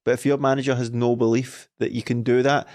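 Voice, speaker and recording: A man's voice: medium pitch, little pitch movement, a little fast, darkish tone. A Scottish man in casual football podcast chat, blunt and opinionated. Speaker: podcast co-host.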